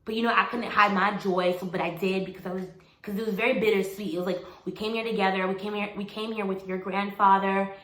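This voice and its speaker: Bright-voiced woman telling her story. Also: mid-range voice, quick pace. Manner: animated, laughs a lot, acts out quotes. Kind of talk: casual storytime chat. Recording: echoey room with faint noise.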